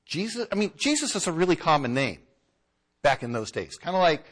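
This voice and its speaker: A man's voice: on the high side, big pitch swings, brisk, fairly bright tone. A man preaching a conversational sermon and now and then acting out the voices of townspeople.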